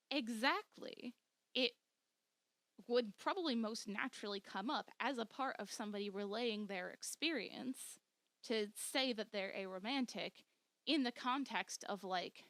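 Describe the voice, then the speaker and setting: A woman delivers an informal commentary monologue full of "like," acting out the quotes she cites. Her mid-range voice is a bit bright and moves at a moderate pace, with no echo.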